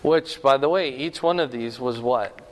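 With a mid-range voice at normal speed, an older preacher shares stories and asks his congregation questions in a folksy, chatty sermon. The recording has slight background noise and a long hall reverb.

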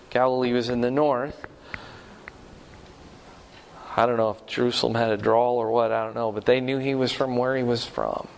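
Folksy older man preaching in a reverberant hall. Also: medium pitch. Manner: folksy, conversational, asks the congregation questions. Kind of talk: sermon with storytelling.

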